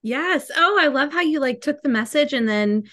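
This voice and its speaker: A woman's voice: high-pitched, lively intonation, moderate pace, a bit bright. A woman reading out oracle card messages and chatting about them in a soothing, reassuring way. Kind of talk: card reading and casual chat.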